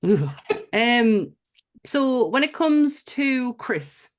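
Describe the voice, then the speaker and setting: A woman's voice: fairly high pitch, very animated, very slow. Woman, from England, podcast co-host, casual chat, chatty, swearing. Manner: chatty, swears, trails off and restarts.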